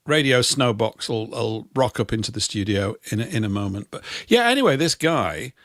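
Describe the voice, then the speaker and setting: A man's voice: lowish voice, lively intonation, normal speed, a bit bright, no echo. Yorkshire guy in his 50s rambling on a radio show, self-mocking, dry close sound. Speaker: co-host. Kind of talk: casual radio chat.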